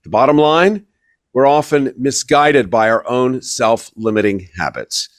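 A man's voice: mid-range voice, a little slow, no echo, studio quality. A man hosting a podcast, introducing a guest with playful, emphatic asides. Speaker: podcast host. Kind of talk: animated podcast interview.

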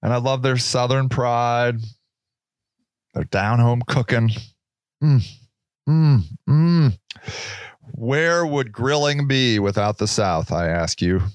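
A podcast host rambles through a casual monologue, cracking jokes and swearing, his pitch jumping suddenly at times. His voice is clear and resonant, a little slow, recorded dry in studio quality.

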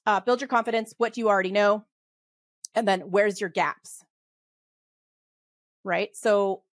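A middle-aged woman with a Western Canadian accent, a podcast guest talking fast and animatedly in casual conversation, often laughing and restarting her sentences. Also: mid-range voice, no echo. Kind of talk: casual interview talk.

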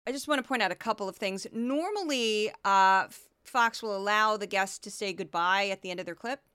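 A woman hosting her podcast in earnest, animated commentary on the news. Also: mid-range voice, fairly quick, clean tone, no room sound, studio quality. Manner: earnest, animated, talks with emphasis. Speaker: podcast host. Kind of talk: casual commentary.

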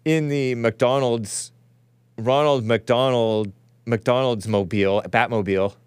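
A man's voice: medium pitch, steady tone, takes it slowly, darkish tone, smooth, no room sound. A male host giving rambling, wry live-stream commentary on footage, often chuckling to himself.

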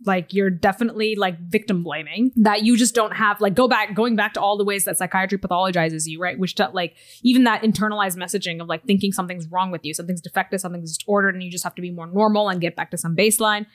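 A woman co-hosting a podcast in casual chat, animated and profane, often laughing. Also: mid-range voice, fast, few pauses, no echo, clean studio sound. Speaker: podcast co-host.

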